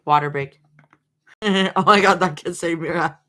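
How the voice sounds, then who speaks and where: On a livestream, a woman with a lowish, sharp-toned voice reads fan fiction at a measured pace. She's giggly, often breaking between lines to laugh and react to her chat.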